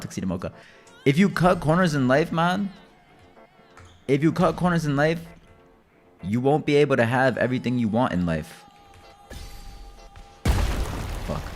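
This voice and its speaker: A man streaming a game from home, chatting loosely with viewers, swearing freely and swinging between low mutters and loud rants. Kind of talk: casual live-stream chat while gaming.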